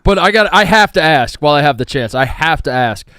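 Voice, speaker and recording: Podcast co-host, male, playful and teasing, bright-ish voice, dry close mic. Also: a little high, lively intonation, fairly quick, clean tone, no room sound. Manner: playful, teasing, laughs often. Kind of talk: casual chat.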